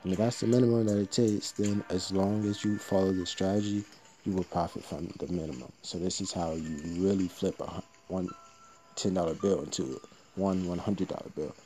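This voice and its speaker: A man's voice: low voice, fairly even intonation, moderate pace, mellow, faint music behind. A man talking through a trading strategy in a rambling, slangy, joking monologue. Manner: loose, slangy, joking, profane.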